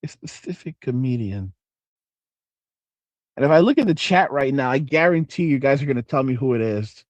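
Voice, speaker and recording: A man hosting a livestream and reading chat, talking casually in a profane, excitable, rambling way. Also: mid-range voice, moderate pace, pauses often, no room sound. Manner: profane, excitable, trails off and restarts.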